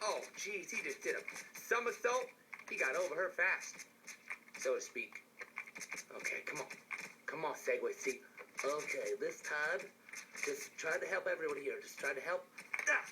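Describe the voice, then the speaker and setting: A young man doing excited gameplay commentary, yelping, laughing and joking at what happens on screen. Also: a little high, moderate pace, long pauses, distant mic, noisy background. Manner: yelps, laughs and jokes at the game. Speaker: gaming commentator.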